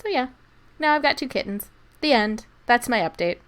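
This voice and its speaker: Lively woman telling a story. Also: fairly high pitch, moderate pace. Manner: animated storyteller, acts out quoted people, laughs often. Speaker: podcast co-host. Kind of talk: casual storytelling chat.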